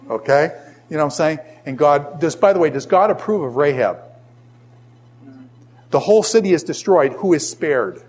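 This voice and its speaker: Man with a Boston accent, fairly high voice, teaching Scripture to a class with a stream of questions. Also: normal speed, husky. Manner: animated, fires rhetorical questions at the class. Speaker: Bible teacher. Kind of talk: classroom Bible lesson.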